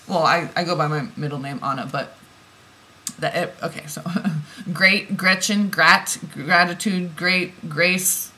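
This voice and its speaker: A woman giving an oracle card reading, musing softly and then bursting into heated, swearing rants. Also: lowish voice, fairly even intonation, measured pace. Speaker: tarot reader.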